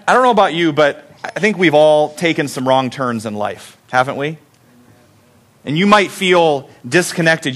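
A man's voice: fairly high pitch, fairly bright tone. Conversational male pastor preaching a sermon. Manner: conversational, self-deprecating, asks the congregation questions. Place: church sanctuary.

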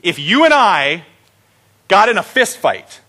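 Pastor guy giving a sermon, cracks jokes w the crowd, pretty high voice. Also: very animated, unhurried, bright, forceful tone. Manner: joking, playful with congregation. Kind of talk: Easter sermon.

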